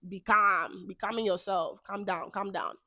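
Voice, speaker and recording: A woman with a Nigerian accent hosting her own podcast, lecturing her listeners in an emphatic rant that swings into loud outbursts. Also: mid-range voice, fairly even intonation, moderate pace, dry recording. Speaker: podcast host. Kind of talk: ranting monologue.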